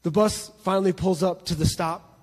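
Emphatic preacher with a husky voice. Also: male voice, high voice, steady tone, moderate pace, big-room sound. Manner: emphatic, repeats words, swings between loud and hushed. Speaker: pastor. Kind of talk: sermon storytelling. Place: church hall.

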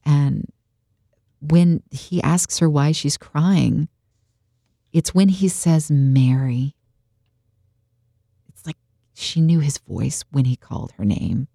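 A woman with a low, mellow voice tells a story in casual conversation. She acts out what people said as she goes, and her delivery stays lively. The room is dry, close and dead. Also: slow pace, gravelly, pauses often, slightly rough, no room sound. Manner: animated storytelling, acts out quotes. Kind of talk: casual faith discussion.

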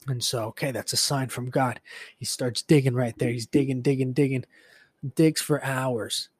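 A man's voice: medium pitch, steady tone, normal speed, slightly rough, no room sound. A man hosting a podcast, retelling a book in a casual, rambling way with lots of swearing and filler words. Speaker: podcast host.

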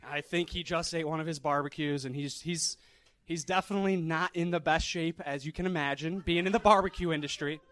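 A man's voice: fairly high pitch, fairly even intonation, fairly quick, fairly bright tone, dry recording. A man co-hosting a live podcast show, telling a long anecdote in a rambling way, with frequent restarts. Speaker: podcast co-host.

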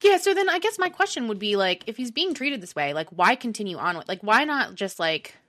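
Bright-voiced woman thinking aloud. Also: fairly high pitch, sing-song, a little fast. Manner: reactive, thinking aloud with many fillers. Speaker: podcast co-host listening. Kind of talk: casual chat.

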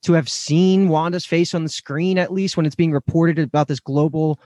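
A man co-hosting a casual podcast, quick and questioning, with enthusiastic asides. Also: on the high side, steady tone, mellow. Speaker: podcast co-host. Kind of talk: casual chat about a TV show.

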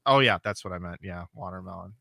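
A man in his forties talks in an easy, casual way, circling back and restarting as he pokes fun at himself. His voice is very bright and sharp. It is recorded close and dry, with no room sound. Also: low-pitched, quick pace, creaky, no echo. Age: 40s. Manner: rambling, self-deprecating storyteller with many restarts. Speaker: podcast co-host. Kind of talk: casual chat.

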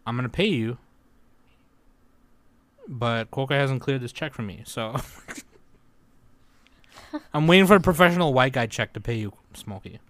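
A man's voice: mid-range voice, animated, moderate pace, long pauses, a bit bright, no echo. A young man hosting a podcast, telling stories in casual chat, swearing and laughing often. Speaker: podcast host.

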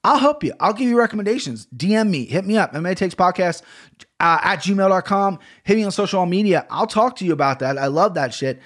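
A man's voice: high-pitched, animated, a little fast, a bit bright. Blunt, profane man hosting a podcast. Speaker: podcast host. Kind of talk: casual podcast rant and fight recap. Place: home podcast studio. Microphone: studio microphone.

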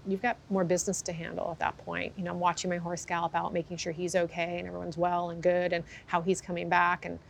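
Low-voiced woman telling a candid story. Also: completely flat delivery, fast talker, vocal fry, few pauses, slight background noise. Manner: candid storytelling, acts out quotes. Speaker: horse trainer, guest. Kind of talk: conversational interview.

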